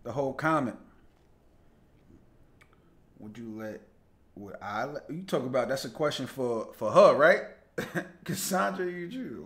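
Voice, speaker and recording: A man's voice: medium pitch, lively intonation, a little slow, pauses often, fairly bright tone. A young man hosting a casual live show, chatting loosely, greeting viewers by name and laughing easily as he reads their comments. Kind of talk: casual livestream chat reading viewer comments.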